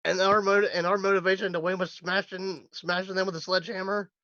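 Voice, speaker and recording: A man chats about football as co-host, wry and halting, with fillers and quick self-corrections. His voice sits fairly high for a man. The audio is dry and dull, with a lo-fi, muffled edge. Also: level tone, pushed and bright, no echo. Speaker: sports podcast co-host. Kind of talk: casual sports chat.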